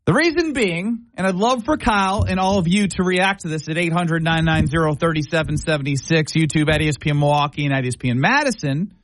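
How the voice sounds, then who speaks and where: A man's voice: fairly high pitch, quick pace, hardly any pauses, a bit bright, no echo. A man co-hosting a sports talk radio show, conversational and reading stats off an article. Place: radio studio.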